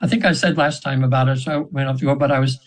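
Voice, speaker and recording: A man in his seventies, a spiritual practitioner, is a guest on a radio show and tells a long story at a racing pace. His medium-pitched voice holds a steady tone, and his earnest, rambling telling is full of fillers and restarts. The radio interview audio is poor.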